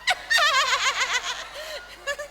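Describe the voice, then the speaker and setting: A woman's voice: extremely high pitch, expressive, moderate pace, pushed and bright, in a large hall, slight background noise, exaggerated voice. An actress playing a flirtatious, giggly middle-aged Jamaican mother in a stage comedy. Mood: flirty. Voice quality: giggling, coy.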